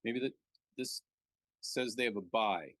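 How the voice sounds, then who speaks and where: A man commentating a live backgammon match, joking and relaxed as he banters with his co-host. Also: fairly low pitch, unhurried, no room sound.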